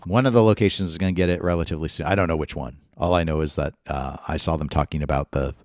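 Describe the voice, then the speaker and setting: A man's voice: rumbling low, steady tone, quick pace, a little mellow, dry recording, studio quality. A man co-hosting a gaming podcast in casual chat, rambling and chatty. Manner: rambling, chatty, laughs often. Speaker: podcast co-host.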